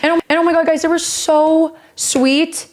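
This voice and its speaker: High-voiced woman telling a profane story. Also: little pitch movement, measured pace. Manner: profane, rambling, laughing. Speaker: streamer. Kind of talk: casual storytelling.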